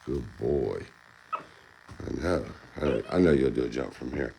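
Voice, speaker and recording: A man's voice: extremely low pitch, lively intonation, measured pace, vocal fry, noisy background. A man hosting a home video, playfully coaxing and cheering on his pet monkey indoors. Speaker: pet monkey owner and channel host. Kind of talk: casual video narration to a pet.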